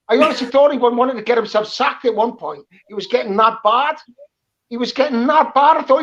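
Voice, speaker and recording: A man with a Geordie accent chatting casually as a podcast guest, animated and laughing, repeating his phrases. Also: extremely high pitch, fairly quick, lo-fi sound. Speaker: guest impressionist.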